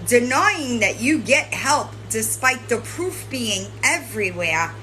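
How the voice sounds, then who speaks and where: Scolding woman with a lively, bright voice. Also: a little high, slow, soft background music, low-quality recording. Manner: lecturing, scolding, keeps adding "right?", swears. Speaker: commentary channel host. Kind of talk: confrontational commentary addressing a streamer.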